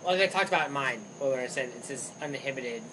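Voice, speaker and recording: A young man co-hosting a podcast, telling stories in animated casual chat and swearing freely. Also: medium pitch, quick pace, slight background noise, low-quality recording. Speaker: podcast co-host.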